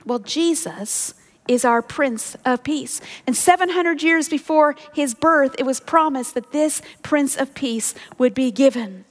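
Woman Bible teacher, high voice, sermon in a big echoing hall, earnest and animated. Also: a little slow. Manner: earnest and animated, with self-deprecating asides. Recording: long hall reverb.

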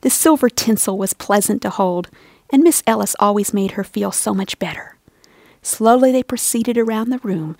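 A woman narrating a storybook in a soft, steady and expressive reading voice. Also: fairly high pitch, dry recording.

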